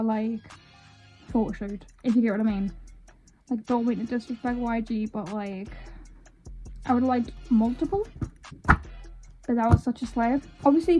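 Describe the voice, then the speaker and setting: Young woman vlogger, excitable casual chatter, high voice, soft faint music underneath. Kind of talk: casual unboxing vlog.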